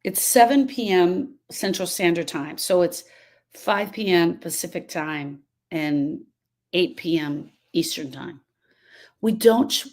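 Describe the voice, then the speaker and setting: On a live stream about grief, a woman with a slightly mellow, low-leaning voice responds to viewers by name. She stresses and restates her points over and over and tends to get sidetracked.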